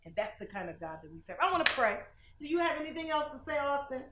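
A fairly high-voiced woman preaching with dramatic swings between loud bursts and hushed lines. She quizzes her listener as she goes. The room is echoey, with faint noise behind her. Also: big pitch swings, fast. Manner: dramatic, swings loud and soft, asks questions. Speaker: minister hosting a TV broadcast. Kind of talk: preaching sermon with call-and-response.

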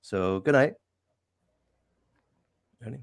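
A man with a New York accent, born in the city, hosting a casual interview with wry, animated chat. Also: medium pitch, takes it slowly, no echo, studio quality. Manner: chatty, wry, animated sign-offs. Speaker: show host.

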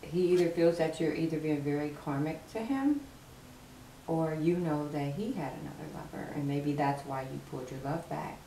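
A woman gives a casual tarot reading with emphatic, sassy flair, repeating her points for effect. Her voice sits a little low and sounds set back from the mic. The room around her echoes noticeably. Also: moderate pace, mellow, recorded from a distance. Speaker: tarot card reader. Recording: roomy, from afar, faint hiss.

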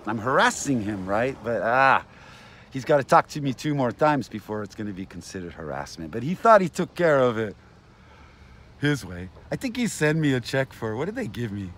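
A man's voice: medium pitch, sing-song, normal speed, fairly bright tone. A man giving an agitated, aggrieved ranting monologue to camera, often repeating himself. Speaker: vlogger.

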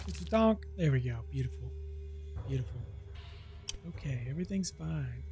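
A man's voice: medium pitch, lively intonation, moderate pace, long pauses, warm tone, faint music behind. A man playing a video game and commenting on it through a headset, irritated and swearing, muttering and then bursting out at the game. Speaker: gaming channel host. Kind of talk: let's play commentary.

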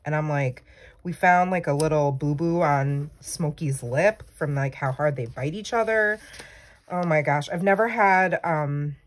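A young woman with a low voice chats unhurriedly while decorating a planner. A planner vlogger, she rambles casually as she crafts, tossing in self-teasing asides.

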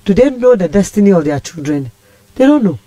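A woman's voice: mid-range voice, big pitch swings, brisk, warm tone, dry recording. A Ghanaian woman telling a personal story as a radio guest, impassioned and rambling. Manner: impassioned, rambling, switches languages. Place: radio studio.

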